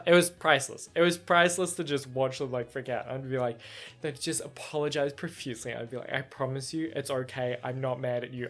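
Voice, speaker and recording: A young man with a somewhat feminine voice, hosting a solo podcast in animated casual chat. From Australia. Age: young adult. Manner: animated storytelling, frequent laughs, jumps into high-pitched acted quotes. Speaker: podcast host.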